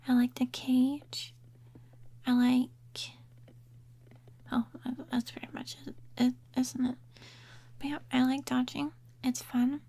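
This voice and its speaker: A woman talking softly and in a half-whisper as she ranks game characters in a relaxed ASMR chat, trailing off and restarting her thoughts. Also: high voice, takes it slowly, pauses often. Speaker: ASMR gaming creator. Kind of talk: soft-spoken ASMR chat. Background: quiet rain sounds.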